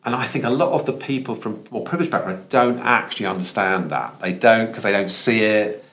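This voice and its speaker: A man with a low voice and a Thames Estuary accent talks as a guest in a podcast conversation. He is earnest and works his thoughts out aloud, often restarting sentences. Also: a little fast, fairly bright tone. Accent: Thames Estuary English. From London. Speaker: professor, guest.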